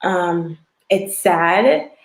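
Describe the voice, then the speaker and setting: A woman's voice: fairly low pitch, lively intonation, extremely slow, gravelly. Chatty American woman in an echoey room. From United States. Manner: chatty, laughs easily, trails off mid-sentence. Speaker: guest, lives in Italy. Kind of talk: casual chat on a live video call.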